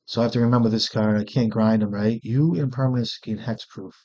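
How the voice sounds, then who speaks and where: A man's voice: mid-range voice, steady tone, brisk, darkish tone. Man muttering through a card game. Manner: profane, muttering, thinking aloud. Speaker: streamer playing a card game. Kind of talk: casual gameplay commentary.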